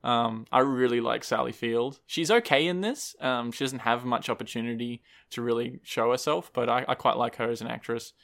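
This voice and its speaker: A man's voice: mid-range voice, moderate pace, gravelly, few pauses, a bit bright. A man in a casual, thoughtful conversation about a film. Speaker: podcast co-host discussing a film. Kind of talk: casual chat.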